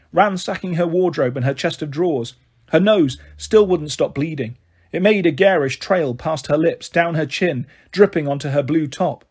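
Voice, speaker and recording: A man with a husky, slightly breathy voice pitched a little high reads a children's novel aloud. He narrates briskly in the first person. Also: darkish tone. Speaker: storyteller.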